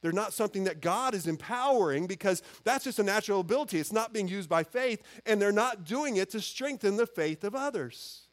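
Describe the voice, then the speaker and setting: A man's voice: sits high, animated, brisk, few pauses. A man preaching a sermon in an earnest, conversational way, often restarting his phrases. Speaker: pastor.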